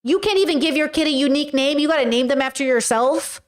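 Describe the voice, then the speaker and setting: A woman's voice: sits high, fast, slight background noise. A young woman hosting a livestream, chatting casually and bluntly with viewers as she reads their messages. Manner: animated, blunt, talks straight to viewers. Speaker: livestream host reading chat. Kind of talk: casual chat. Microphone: webcam or desk mic on a livestream.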